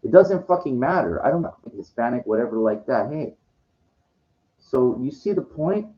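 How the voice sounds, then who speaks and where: A man's voice: mid-range voice, sing-song, normal speed. A man talking in a meandering, profane vlog monologue, full of "you know" and "like". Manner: meandering, profane, heavy with fillers. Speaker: vlogger. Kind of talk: rambling monologue. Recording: dull lo-fi sound.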